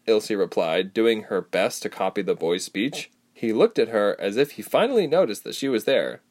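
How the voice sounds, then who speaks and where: A man's voice: fairly low pitch, normal speed, hardly any pauses. A man narrating a fantasy novel as an audiobook, telling it expressively. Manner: expressive storytelling.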